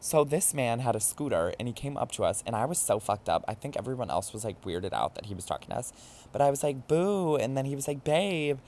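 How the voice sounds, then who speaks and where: Man, lowish voice, campy, animated, casual storytelling, podcast host. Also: fast, slight background noise. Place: New York.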